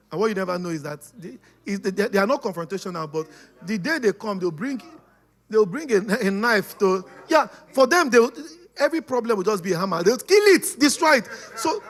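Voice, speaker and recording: A man giving a lively, casual teaching talk, laughing often and checking that his listeners follow. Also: sits high. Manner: animated, laughing, acts out quoted voices, keeps asking "you understand?". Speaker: speaker on personality types.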